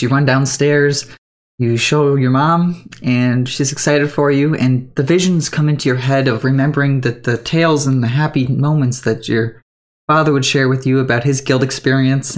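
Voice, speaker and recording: A man running a tabletop game, narrating the scene to the player in a loose, unhurried way. His voice sits in a middle pitch, and he drops in casual fillers as he goes. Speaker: game master.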